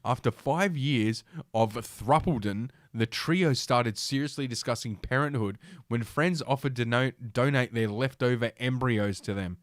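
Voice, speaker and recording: A podcast host with a mid-range voice reads an article without rushing, cutting in with profane ridicule and crude humor. He swears a lot and laughs at his own jokes. Sound is clean studio audio with no room sound.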